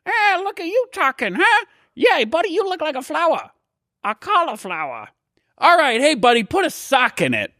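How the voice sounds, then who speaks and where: A man voicing Otto, a rude, wisecracking sock puppet, in a squeaky put-on voice. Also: sing-song, normal speed, bright, forceful tone, no echo, clean studio sound, heavily acted. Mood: teasing.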